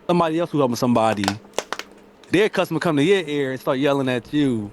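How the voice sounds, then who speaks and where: A man's voice: medium pitch, fast. A man with a Philadelphia accent, a podcast guest giving an emphatic, slangy rant over a video call. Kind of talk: casual chat.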